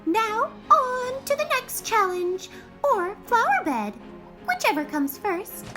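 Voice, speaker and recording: A woman doing a squeaky, sweet cartoon mouse girl. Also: very animated, slow pace, music in the background, exaggerated voice.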